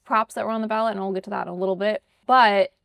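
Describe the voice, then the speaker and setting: A woman hosting a political interview show, talking in a brisk, conversational way full of "you know" and "like". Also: mid-range voice, steady tone, gravelly, fairly bright tone, dry recording. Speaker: podcast host.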